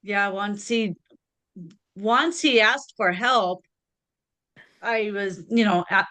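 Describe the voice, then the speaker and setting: A woman's voice: medium pitch, slow, pushed and bright. A woman hosting a podcast, chatting casually with her guest. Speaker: podcast host. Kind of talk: casual chat.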